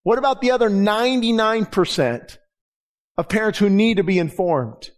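Speaking at a moderate pace in a high-pitched voice, this middle-aged male pastor preaches conversationally. His anecdotes come alive as he performs the characters' lines.

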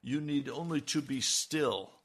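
A man preaching a sermon, slow and emphatic, his voice rising on key lines. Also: medium pitch, fairly bright tone, husky. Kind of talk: radio sermon.

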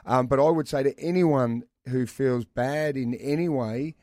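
A man's voice: mid-range voice, measured pace, dark tone, no echo, studio quality. A middle-aged man with an Australian accent, talking openly and earnestly as a radio host, calling people mate. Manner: earnest, open, matey. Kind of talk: candid radio chat.

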